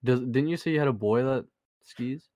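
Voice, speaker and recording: A young man co-hosting a podcast in slangy casual chat, laughing often and talking in quick bursts. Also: mid-range voice, darkish tone, no echo, clean studio sound. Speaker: podcast co-host.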